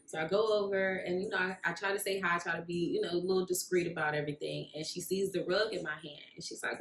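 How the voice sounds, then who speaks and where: A woman's voice: lowish voice, a little fast. A woman tells a long personal story in a casual vlog, acting out the voices of the people in it. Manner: animated storyteller, acts out quoted voices. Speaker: vlogger, rug maker. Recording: echoey room.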